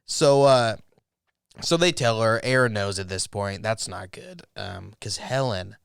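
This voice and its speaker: A man co-hosting a podcast, casually retelling TV episodes in a rambling, animated way, with swearing and quoted lines. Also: fairly low pitch, measured pace, vocal fry, clear, resonant tone, no echo, clean studio sound. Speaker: podcast co-host. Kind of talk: casual TV review chat.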